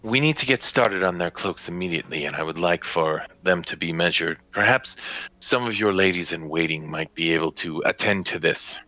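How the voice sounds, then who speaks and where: A man's voice: low voice, bright, forceful tone, poor audio. A man voicing a stately, begrudging baron who speaks formally and measuredly.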